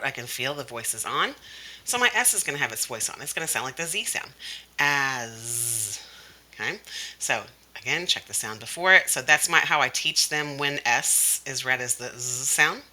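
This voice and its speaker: Very bright-voiced woman explaining phonics. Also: extremely low pitch, lively intonation, a little fast, poor audio. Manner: explains step by step, sounding out letter sounds. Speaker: kindergarten teacher. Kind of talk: instructional workbook walkthrough.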